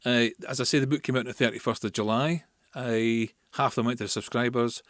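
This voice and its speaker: A Scottish man with a voice of ordinary pitch talks through a history topic as a podcast host. His delivery is casual and chatty, full of asides. The recording is dry and close, with no room sound. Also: fairly even intonation, quick pace, fairly bright tone, no room sound. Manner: chatty, explains with asides and fillers.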